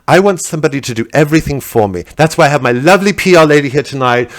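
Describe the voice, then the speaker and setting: A man's voice: on the high side, lively intonation, very fast, no echo, low-quality recording. A man playing a vain, scatterbrained female celebrity comedian in stand-up character comedy, gushing and rambling about herself. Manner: gushing, rambling, self-absorbed. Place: comedy stage at a festival show.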